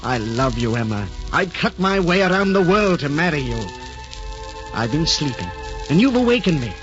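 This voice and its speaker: An actor playing Admiral Nelson, an ardent, heroic naval lover, with an earnest, impassioned theatrical delivery in a 1940s radio drama. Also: male voice, on the high side, sing-song, moderate pace. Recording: muffled old radio broadcast with music.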